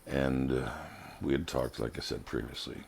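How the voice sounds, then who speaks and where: A man giving an earnest, halting personal spiritual testimony as a vlogger. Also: very deep voice, fairly even intonation, vocal fry, husky.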